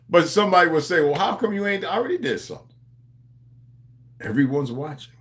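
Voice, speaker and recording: A man's voice: a little high, big pitch swings, fairly quick. A man hosting a livestream, talking in a loose, rambling monologue. He preaches to his viewers in street slang and calls them beloved. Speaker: livestream host.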